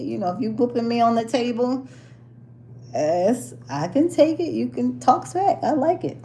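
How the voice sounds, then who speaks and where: A woman's voice: on the high side, expressive, moderate pace, mellow, a little hiss or hum. A woman chatting casually and playfully, often laughing and using lots of fillers. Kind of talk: casual chat.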